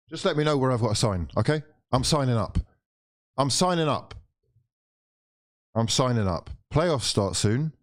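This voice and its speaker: A man hosting a live football watchalong, reacting with sighs, swearing and mock despair while calling the play. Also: mid-range voice. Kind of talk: live match reaction and commentary.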